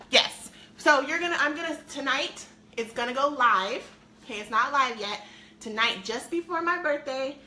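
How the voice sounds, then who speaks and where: Upbeat chatty woman with a bright voice. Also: sits high, slight background noise. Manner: chatty, upbeat, talks straight to viewers. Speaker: weight-loss coach selling a program. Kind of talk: live-streamed chat to viewers. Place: at home.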